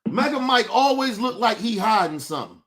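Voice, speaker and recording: Guy with a real high, sharp voice cussing people out on his stream, picking fights. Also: expressive, a little fast. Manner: profane, combative, taunting. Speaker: host. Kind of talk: livestream commentary rant.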